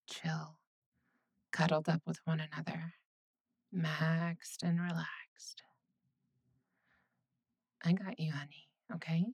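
A woman voicing a caring, teasing young girlfriend in a whispered role-play, soothing and reassuring with soft laughs. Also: sits low, vocal fry, husky, heavily acted.

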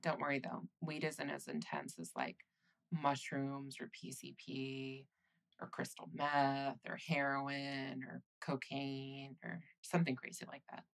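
A woman voicing a caring, teasing young girlfriend in a whispered role-play, soothing and reassuring with soft laughs. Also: rumbling low, a little slow, creaky, full character voice.

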